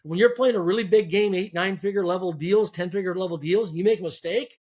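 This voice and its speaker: A man speaking as a podcast guest, giving emphatic motivational advice, often repeating words and stacking points in quick lists. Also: sits high, a little mellow. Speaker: guest entrepreneur.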